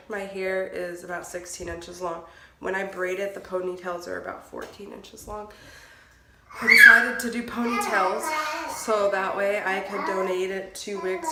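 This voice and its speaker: Chatty self-mocking woman vlogger. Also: medium pitch. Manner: chatty, self-mocking, often laughing nervously. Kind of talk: casual vlog chat to camera. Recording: echoey room with background noise.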